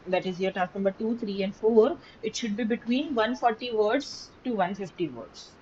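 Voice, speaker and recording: Female instructor, emphatic lecture delivery with frequent check-ins; slightly muffled recording, faint low hum. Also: moderate pace, a little mellow. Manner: emphatic, repeats key words, checks understanding. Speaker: teacher. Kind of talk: online class lecture.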